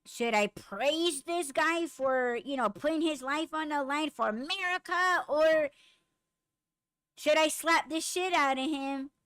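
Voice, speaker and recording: A woman hosting a podcast, chatting casually and bluntly with lots of swearing, getting raised and animated when riled. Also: high voice, clean tone, no room sound. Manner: blunt, profane storytelling. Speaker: podcast host. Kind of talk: casual chat with live comments.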